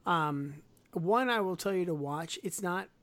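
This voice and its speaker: A woman co-hosting a casual podcast, her voice sitting a little low for a woman. She rambles with enthusiasm and stacks up filler words as she goes. Her delivery is loose and chatty. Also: expressive, measured pace. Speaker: podcast co-host. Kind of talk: casual chat.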